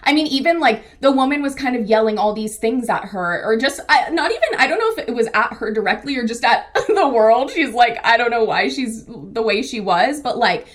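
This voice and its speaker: Young woman host, chatty, laughs a lot, kinda high voice. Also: animated, a little fast, hardly any pauses. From San Diego area. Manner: chatty, laughs often, lots of fillers. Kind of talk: casual news recap chat.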